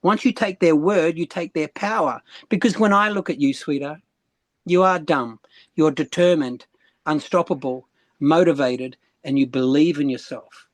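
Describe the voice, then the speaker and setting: A man voicing his loving elderly grandmother, speaking gently and slowly. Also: sits low, no echo, close to an everyday voice. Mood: coaxing. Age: older. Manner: tender, coaxing, slow and emphatic.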